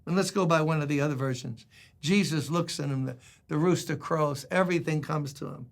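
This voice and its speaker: A man's voice: on the high side, fairly quick, gravelly. Older male pastor preaching conversationally. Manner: conversational preaching, dramatic voicing of quotes. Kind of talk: sermon devotional.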